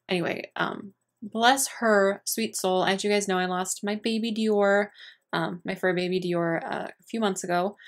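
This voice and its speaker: A young woman beauty vlogger chatting casually to her viewers, gushing and rambling with many fillers and restarts. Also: lowish voice. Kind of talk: casual chat to camera.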